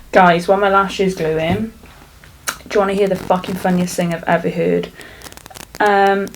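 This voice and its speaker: A woman's voice: lowish voice, fairly even intonation, measured pace, a little hiss or hum, low-quality recording. Chatty, sweary young woman vlogger. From South Wales. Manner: chatty, rambling, swears freely. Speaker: beauty vlogger. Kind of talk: casual makeup tutorial chat. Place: home, indoors.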